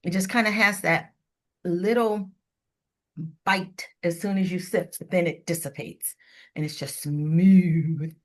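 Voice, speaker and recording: A woman's voice: fairly low pitch, steady tone, takes it slowly. A middle-aged woman hosting a radio interview show, chatting playfully and laughing often. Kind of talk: casual interview chat.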